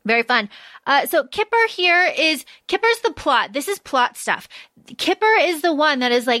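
Chatty high-voiced woman, dry sound. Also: very animated, normal speed, pushed and bright, no room sound. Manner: chatty plot recap, blunt with swearing. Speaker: podcast co-host. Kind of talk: casual book-discussion chat.

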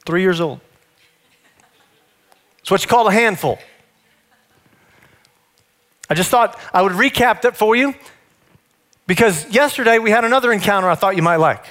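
A man's voice: very high-pitched, fairly bright tone. A man in his thirties preaching a sermon, telling family stories in a conversational way before moving into teaching. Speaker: pastor.

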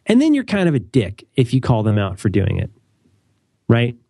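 Animated man in dry close-mic chat. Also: medium pitch, moderate pace, vocal fry, husky, no room sound. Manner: rambling and self-correcting, with wry asides. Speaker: podcast co-host. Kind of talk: casual conversational chat.

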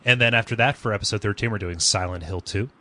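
Low-ish guy cohosting a podcast, chill, laughs a lot, trails off soft. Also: fast talker, dry recording. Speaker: podcast co-host. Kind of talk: casual podcast chat.

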